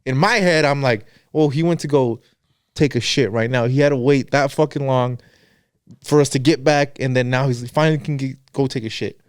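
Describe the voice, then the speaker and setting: A man's voice: medium pitch, moderate pace, smooth, no echo, clean studio sound. A man co-hosting a podcast, telling a story casually with lots of swearing and acted-out quotes. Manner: profane, animated storytelling with quoted dialogue. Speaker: podcast co-host.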